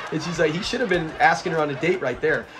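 A man hosting an episode review, retelling scenes in a lively, chuckling, casual way. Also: on the high side.

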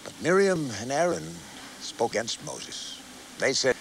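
Expressive man telling a scripture story. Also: a little high, a little slow, creaky, a little hiss or hum, poor audio. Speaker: narrator.

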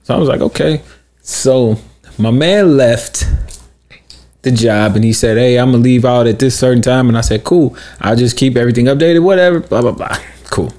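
A man co-hosting a podcast, telling a story in casual chat, acting out quotes loudly and laughing often. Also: medium pitch, moderate pace. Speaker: podcast co-host.

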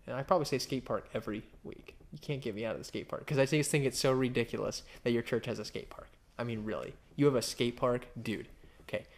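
A pastor preaching in a casual, conversational way, with wry asides and lively acted-out quotes. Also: male voice. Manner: animated, acts out quotes with big pitch jumps. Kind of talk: conversational sermon.

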